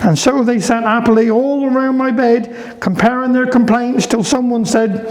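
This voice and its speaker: Brief: Cornish storyteller, man, fairly high voice, playful and chatty. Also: fairly even intonation, moderate pace, hardly any pauses, a little mellow, rough recording. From Cornwall. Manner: chatty, humorous rhyming recitation. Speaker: dialect storyteller. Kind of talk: reading dialect stories to a live audience. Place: heritage venue talk.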